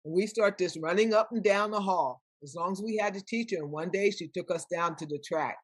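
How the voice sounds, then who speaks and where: Older woman telling lively stories. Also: lowish voice, fairly quick, no echo. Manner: animated, acts out quoted voices. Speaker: guest. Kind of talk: storytelling in conversation.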